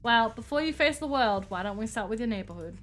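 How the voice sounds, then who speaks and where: A woman's voice: on the high side, animated, quick pace, a little hiss or hum, lightly acted. A woman voicing a patient male cowboy therapist, with a put-on American Western accent and a folksy, reassuring way of talking.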